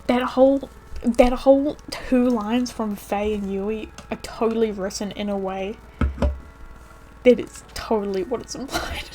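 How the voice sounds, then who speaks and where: Streameuse bavarde au rire facile. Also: female voice, on the high side, steady tone, a little slow, dark tone, slight background noise. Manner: chatty, laughs often. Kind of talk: casual gameplay commentary.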